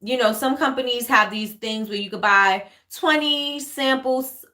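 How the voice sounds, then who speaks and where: A woman with a New York accent hosts a relaxed livestream Q&A, her voice bright and forward. She talks in a loose, chatty way, repeats phrases, and reads viewer comments aloud between tips. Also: a little high, measured pace, roomy sound. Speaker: livestream host, candle maker. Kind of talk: casual livestream Q&A. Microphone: webcam or phone livestream.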